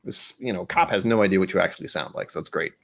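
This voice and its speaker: Young American male stream host, casual and rambling, slightly low voice, drifts into playful put-on voices. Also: fast talker, gravelly. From United States. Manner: rambling and self-interrupting, slipping into playful voices for quoted lines. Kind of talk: casual live-stream chat while tasting whiskey.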